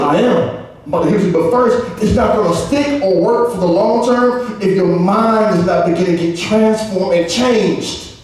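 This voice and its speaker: A man preaching a sermon as pastor, lively, calling on the congregation to answer back and acting out quotes. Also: high-pitched, moderate pace. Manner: animated preaching with call-and-response and acted quotes. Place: large church hall. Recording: echoey hall, far from mic.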